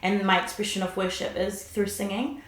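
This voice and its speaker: A woman sharing her faith story in an earnest, animated way, sometimes laughing. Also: mid-range voice, normal speed. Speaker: guest. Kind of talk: emotional faith testimony chat. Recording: roomy echo.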